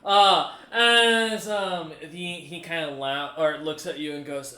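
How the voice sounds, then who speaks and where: A man running a tabletop game, narrating casually with halting fillers. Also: a little high, steady tone, reverberant, noisy background. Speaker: game master.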